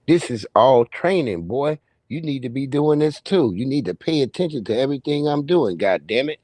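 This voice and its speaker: A man doing a voice as his gruff, profane older uncle, a stern prepper who barks orders and curses every other word. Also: medium pitch, animated, normal speed, darkish tone, no echo, close to an everyday voice. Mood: lecturing.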